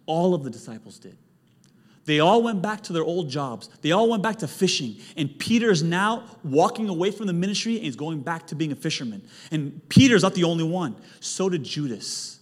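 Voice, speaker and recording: A male pastor delivering a lively sermon, swinging from quiet, intimate stretches to loud, emphatic peaks. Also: a little high, brisk. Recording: long hall reverb, faint music.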